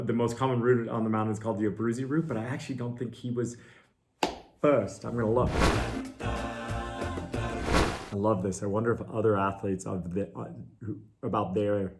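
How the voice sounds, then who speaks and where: A man's voice: fairly low pitch, fairly even intonation, fairly quick, over loud music. A middle-aged man, a mountain guide, answering viewer questions in a casual, earnest way. He thinks aloud with fillers and pokes fun at himself.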